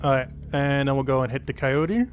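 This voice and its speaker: A man streaming a card game, thinking aloud about his moves and slowly reading out game text with many fillers. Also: medium pitch, soft background music. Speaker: gaming streamer. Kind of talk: casual live-stream commentary.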